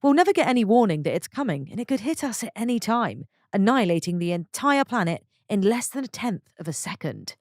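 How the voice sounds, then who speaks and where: A woman's voice: medium pitch, very animated, brisk, hardly any pauses, no room sound, clean studio sound. A woman narrating a string of short posts from an online forum, reading them one after another. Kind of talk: scripted story narration.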